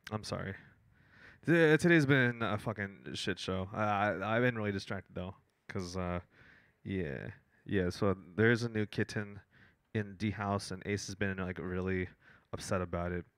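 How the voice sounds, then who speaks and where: A man's voice: low-pitched, fairly bright tone, smooth, no echo. A young man hosting his DJ live stream, chatting loosely with his viewers, often stammering, swearing and laughing. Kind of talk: casual live-stream chat.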